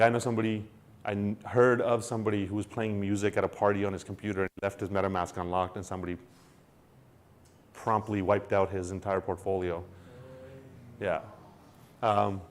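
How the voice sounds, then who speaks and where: Lowish-voiced man explaining casually. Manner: animated, acts out quoted dialogue, many restarts. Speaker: co-host explaining crypto wallets.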